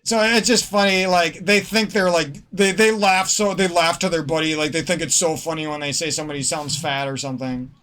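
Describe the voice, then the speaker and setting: A man's voice: fairly high pitch, fairly even intonation, a little fast, hardly any pauses, fairly bright tone. A man with a slightly nasal Midwestern American accent, ranting in a rambling, profane gaming vlog and cutting himself off mid-sentence. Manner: profane, rambling, self-interrupting. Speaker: gaming streamer.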